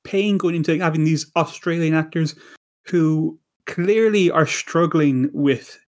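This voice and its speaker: A man's voice: a little high, measured pace, darkish tone. A man co-hosting a podcast, chatting casually and rambling with many restarts and repeated words. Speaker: podcast co-host. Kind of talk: casual chat.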